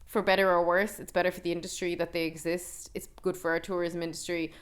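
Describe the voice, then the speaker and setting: With a lowish voice and a level tone, this Irish podcast co-host talks through a film in a casual review chat. She's chatty and strongly opinionated, with plenty of quick asides.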